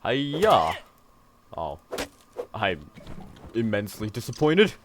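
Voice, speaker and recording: A man's voice: on the low side, very animated, takes it slowly, background noise. A man streaming a game, rambling and joking to himself and his viewers in a tired, self-mocking way. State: yawning, tired. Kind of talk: casual gaming stream chatter.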